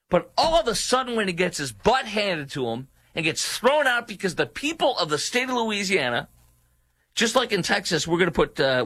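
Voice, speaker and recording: A man's voice: sits high, no room sound. Indignant male talk show host, dry sound. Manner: indignant, mocking, rising to shouts. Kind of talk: heated political commentary monologue.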